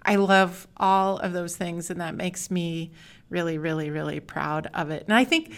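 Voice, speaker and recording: A woman's voice: fairly low pitch, moderate pace. Earnest middle-aged woman podcast co-host. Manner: earnest, enthusiastic. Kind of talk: casual chat.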